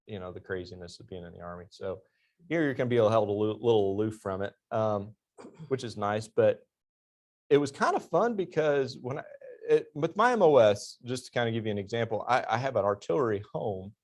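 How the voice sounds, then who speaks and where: Animated middle-aged man telling stories. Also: lowish voice, brisk. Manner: animated storyteller, laughs at his own punchlines. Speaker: interview guest, army veteran. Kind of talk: storytelling in a church class interview.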